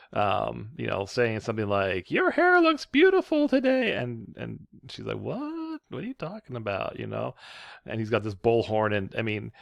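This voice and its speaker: A man's voice: lowish voice, vocal fry, no echo, clean studio sound. A man who teaches writing, giving a casual, rambling lecture full of fillers and restarts. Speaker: writing professor. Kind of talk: lecture with slides.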